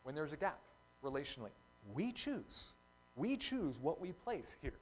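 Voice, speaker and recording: A male pastor preaching a casual, conversational sermon, acting out short quotes in lively voices. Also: a little high, moderate pace, long pauses, slight background noise, poor audio.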